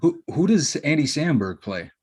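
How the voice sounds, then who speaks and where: Chill podcast guy, bit husky, dry wisecracks, no room sound. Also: a little high, big pitch swings, moderate pace, darkish tone, no room sound. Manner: laid-back, wry, short interjections. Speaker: podcast co-host. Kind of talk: casual chat.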